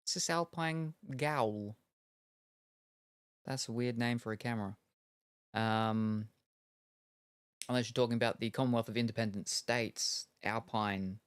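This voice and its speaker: A man's voice: lowish voice, clear, resonant tone, dry recording. Rambling, jokey male streamer, dry sound. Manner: rambling and jokey, with many fillers. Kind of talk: casual chat while gaming.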